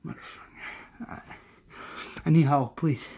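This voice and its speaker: A desperate man, as a narrator acts him out, pleading urgently for help. The voice is higher than most men's and stays close to the narrator's everyday tone. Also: moderate pace, vocal fry, a little mellow, slightly rough. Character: desperate young man begging soldiers for help.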